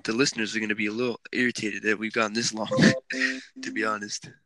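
A man's voice: lowish voice, flat delivery, fairly quick, over loud music, low-quality recording. A young man co-hosting a podcast in casual, rambling chat, laughing often and filling his talk with "like". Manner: laid-back, rambling, laughs often, many "like" fillers. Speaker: podcast co-host.

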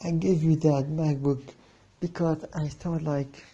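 A man's voice: fairly high pitch, fairly even intonation, a little slow, warm tone, slightly rough, lo-fi sound. A man hosting a podcast, telling a personal story in a casual rambling monologue, acting out both sides of a haggle. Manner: rambling, restarts, acts out the other side of a haggle. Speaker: podcast host.

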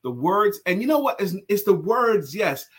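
A man's voice: high-pitched, sing-song, moderate pace, fairly bright tone, breathy edge. A man co-hosting a casual morning talk show, chatty and playful, with a lot of fillers. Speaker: co-host.

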